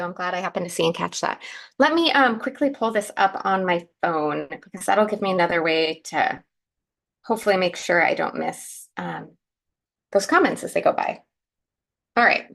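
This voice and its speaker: A woman hosts a live card-making demonstration and talks casually through every step as she works. Her voice is still groggy from the morning and has a gravelly edge with plenty of fry. Her pitch sits in the middle range for a woman. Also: animated, brisk, fairly bright tone. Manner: chatty, narrating each step as she works. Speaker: craft show host.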